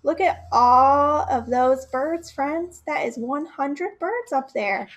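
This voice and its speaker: Young woman, children's librarian, storytime read-aloud; bright high pitch, unhurried, chats straight to the little listeners. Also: dull audio. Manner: expressive, talks straight to the kids, asks them questions.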